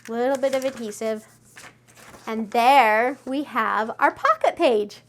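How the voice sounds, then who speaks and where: A woman with a slightly high voice walks through a craft project step by step. She talks in a chatty, friendly way and gushes with excitement as she works. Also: takes it slowly, a little hiss or hum. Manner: gushing, excitable. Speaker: craft tutorial host.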